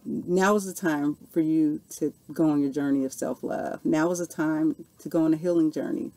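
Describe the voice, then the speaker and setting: Woman, 40s, earnest vlogger answering viewer questions, slightly low voice. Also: moderate pace. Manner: earnest, animated storytelling with repeated "okay" and "you know". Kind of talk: casual Q&A monologue.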